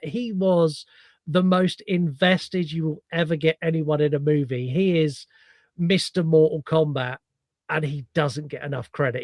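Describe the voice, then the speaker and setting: A man co-hosting a podcast, chatting casually about a film, animated and swearing freely. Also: a little high, dry recording. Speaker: podcast co-host. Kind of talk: casual film review chat.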